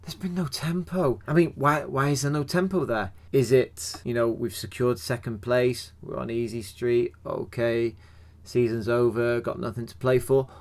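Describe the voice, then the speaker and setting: A young man who hosts a football fan channel reviews a match in a chatty, self-deprecating way, posing questions to himself as he goes. His voice is mid-range and fairly even in intonation, at a normal speed.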